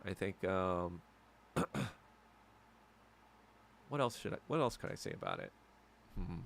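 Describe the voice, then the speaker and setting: A man's voice: deep voice, huge pitch swings, slow, gravelly, fairly bright tone, a little hiss or hum. An American man hosting a podcast, rambling in a crude, profane and mocking way. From United States. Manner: mocking and abrasive. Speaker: podcast host. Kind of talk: casual solo podcast rant.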